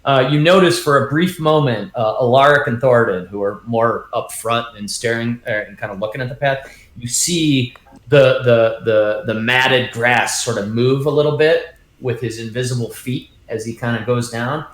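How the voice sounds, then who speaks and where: A man narrating as dungeon master in a tabletop game, halting, with many ums and restarts. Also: mid-range voice, a bit bright. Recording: roomy echo.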